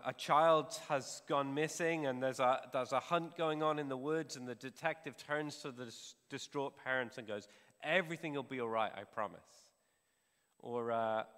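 A man's voice: mid-range voice, clean tone, long reverb tail. A male pastor preaching a sermon in a conversational way, with frequent restarts. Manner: conversational preaching with restarts, drops soft to pray.

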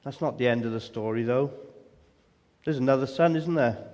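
A man's voice: medium pitch, moderate pace, a little mellow, highs cut off. Man preaching in a reverberant hall. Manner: emphatic, rhetorical questions, acts out quotes. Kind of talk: sermon.

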